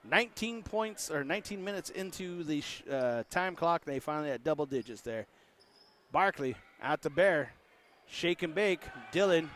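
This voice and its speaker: A man with a high voice calls a basketball game play by play in an easy, joking way. He keeps up a running patter and makes up lines for the players, with a ball bouncing faintly in the gym behind him. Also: a bit bright, slight background noise. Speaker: play-by-play announcer. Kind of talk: casual sports commentary.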